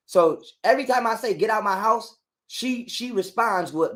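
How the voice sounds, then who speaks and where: A man's voice: sits high, lively intonation, normal speed, a bit bright. A man telling a heated, profane story as a guest on an interview show. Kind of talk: casual storytelling.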